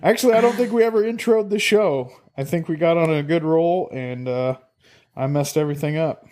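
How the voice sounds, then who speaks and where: A man's voice: a little high, brisk, darkish tone. A man co-hosting a casual podcast over a remote call, laughing often and joking at his own expense. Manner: laughs a lot, self-deprecating. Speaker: podcast co-host.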